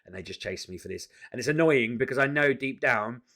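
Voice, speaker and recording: Exasperated man with a forceful voice. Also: mid-range voice, fairly quick. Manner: exasperated, animated storytelling with frequent restarts. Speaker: vlogger. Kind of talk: casual ranting vlog to camera.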